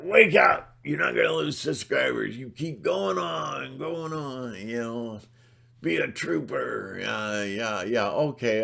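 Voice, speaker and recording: Gravelly, blunt ranting man. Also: lowish voice. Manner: blunt, sarcastic, mocking voices; rambling with restarts. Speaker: channel host. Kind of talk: ranting monologue.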